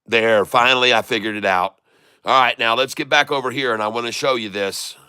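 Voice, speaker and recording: A man's voice: medium pitch, fairly quick, bright, forceful tone, clear, resonant tone, no room sound. A man hosting a casual live stock video, folksy and muttering to himself as he works his computer. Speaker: stock market video host.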